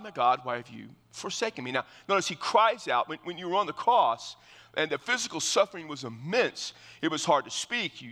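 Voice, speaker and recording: A man's voice: on the high side, bright, forceful tone, in a large hall. A male pastor preaching verse by verse in an earnest, explanatory way, often restarting his phrases. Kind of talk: verse-by-verse sermon.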